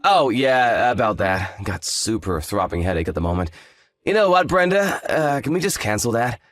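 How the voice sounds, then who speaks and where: A man's voice: medium pitch, big pitch swings, normal speed, soft background music, close to an everyday voice. A man playing a smug, hungover fiancé. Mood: dismissive. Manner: lazy, condescending, sarcastic. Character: arrogant hungover male fiancé, dismissive and smug. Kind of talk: scripted story drama.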